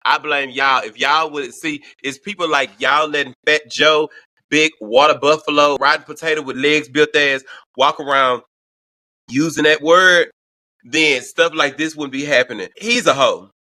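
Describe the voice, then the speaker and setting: A man from Houston hosting a show, telling a wild prison story in a loud, profane, gossipy way. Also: on the high side, fairly even intonation, moderate pace, dry recording. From Houston, Texas. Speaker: host. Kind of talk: casual storytime commentary.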